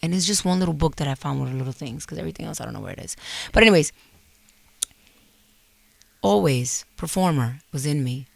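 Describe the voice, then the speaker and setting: Woman, New York accent, forties, gravelly voice, animated, mixes English and Spanish, dry close sound. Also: low voice, fairly quick, long pauses, no room sound. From New York City. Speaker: guest actress. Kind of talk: casual interview chat.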